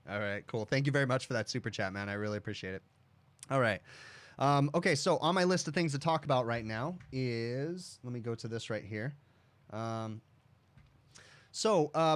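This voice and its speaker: A man's voice: mid-range voice, no echo. A man hosting a casual livestream, telling a long story in a rambling way and often checking in with "okay?". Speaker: livestream host, HVAC technician.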